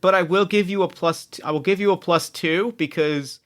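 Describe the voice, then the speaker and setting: A man's voice: sits high, normal speed. A man narrating as game master of a tabletop game, rambling, with many restarts and fillers.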